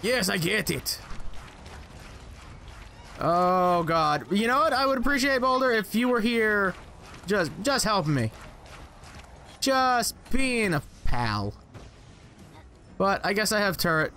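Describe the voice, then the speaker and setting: A man's voice: high-pitched, expressive, measured pace, pauses often, pushed and bright, a little hiss or hum. A young man commenting on his own gameplay, exclaiming, joking to himself and swearing as he plays. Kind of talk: casual let's play commentary.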